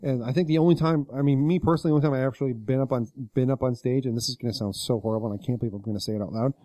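Man podcast co-host, rapid storyteller, self-mocking, dry close sound. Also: mid-range voice, steady tone, mellow, no room sound. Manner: rambling storyteller, self-deprecating, swears casually. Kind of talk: casual podcast chat.

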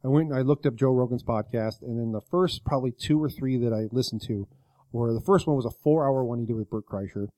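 Fast-talking man retelling a story. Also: mid-range voice, dark tone, dry recording. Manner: rambling retelling with many likes and quoted voices. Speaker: podcast co-host. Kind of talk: casual storytelling chat.

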